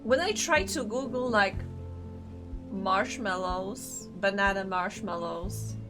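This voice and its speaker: A young woman streaming a game live, chatting casually, excitable and often laughing. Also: mid-range voice, slow pace, music in the background.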